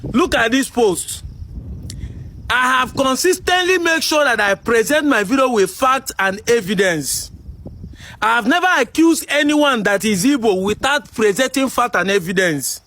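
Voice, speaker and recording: A man with a Nigerian accent delivering a heated commentary monologue, combative and full of rhetorical questions, shouting at times. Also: extremely high pitch, lively intonation, measured pace. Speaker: commentary video host.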